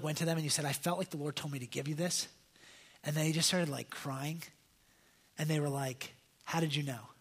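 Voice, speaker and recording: A man's voice: fairly high pitch, fairly bright tone, husky. A young man preaching in a casual, conversational way, telling stories with many fillers and restarts. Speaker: pastor. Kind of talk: casual sermon storytelling.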